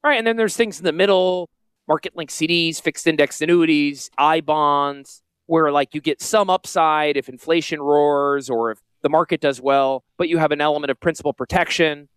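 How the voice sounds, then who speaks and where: A man with a Northern US Yankee accent, a financial advisor hosting a casual promotional podcast with salesy, jokey asides and a high-pitched voice. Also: moderate pace, a bit bright, smooth, no echo. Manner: self-described high-pitched voice. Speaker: financial advisor and radio host.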